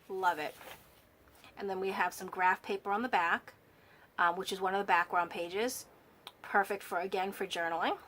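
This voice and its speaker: A woman's voice: mid-range voice, fairly bright tone, slight background noise. Gushing woman showing off a handmade journal. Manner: gushing, admiring, with fillers and restarts. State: slightly losing her voice. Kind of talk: casual show-and-tell walkthrough.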